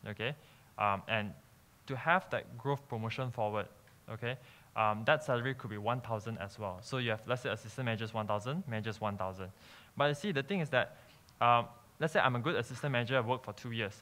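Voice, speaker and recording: A man's voice: mid-range voice, pushed and bright. A young man, an entrepreneur giving a conference talk and explaining step by step, checking in with "okay?" and "um" as he goes. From Malaysia. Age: young adult. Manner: peppers sentences with "okay?" and "um", explanatory.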